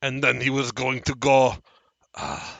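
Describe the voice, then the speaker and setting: A man voicing a strange, excitable male dwarf who speaks in loud, formal, clipped sentences. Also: mid-range voice, a little slow, creaky, no echo, highs cut off, pitched above the performer's own voice, exaggerated voice. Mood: agitated.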